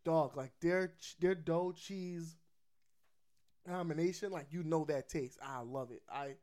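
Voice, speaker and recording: A laid-back man with a high voice, chatting loosely with plenty of swearing. He laughs easily and keeps it relaxed. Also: unhurried. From Philadelphia. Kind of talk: casual chat reviewing pizza spots.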